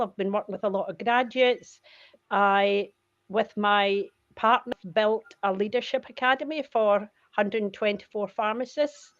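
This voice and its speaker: An older Scottish woman, retired career coach, chatting and telling stories as a guest on a video call. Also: mid-range voice. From Scotland. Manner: chatty, storytelling, quick to laugh. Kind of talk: casual chat on a video call. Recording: muffled lo-fi video call audio.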